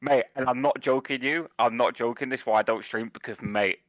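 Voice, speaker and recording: A young man rants and swears in a casual podcast chat, and every few words he tosses in "mate" or "bruv." His voice sits at an average pitch. The recording is dry and a little dull, with no room sound. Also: fairly quick, no room sound. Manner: animated ranting, heavy swearing, repeats "mate" and "bruv". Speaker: podcast co-host.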